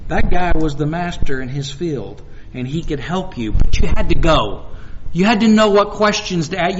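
A man's voice: sits high, highs cut off. Male preacher, storytelling sermon, echoey hall. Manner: conversational, with repeated restarts and acted-out dialogue. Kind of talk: sermon with personal stories.

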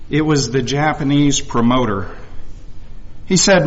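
Over a lo-fi recording, a visiting speaker with a slightly high, fairly bright voice addresses a congregation at normal speed. He earnestly retells a personal story as sermon storytelling, voicing the people in it.

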